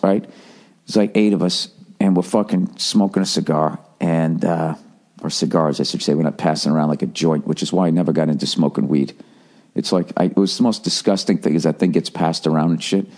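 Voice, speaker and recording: A man's voice: sits low, darkish tone. Profane ranting American man. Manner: profane, rambling, self-mocking. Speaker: podcast host. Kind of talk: comedic ranting monologue.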